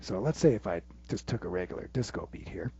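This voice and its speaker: Low-voiced man teaching drums. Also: quick pace, gravelly, over loud music. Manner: relaxed, explains step by step, counts stickings aloud. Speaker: drum teacher. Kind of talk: instructional drum lesson. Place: room with a drum kit. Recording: muffled sound with loud drums. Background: loud drumming between phrases.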